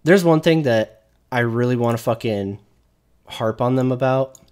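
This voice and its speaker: A male streamer rants through a casual gaming commentary, swearing freely and restarting his sentences as he vents. His voice sits at an ordinary middle pitch. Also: moderate pace, darkish tone, clear, resonant tone. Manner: profane, ranting.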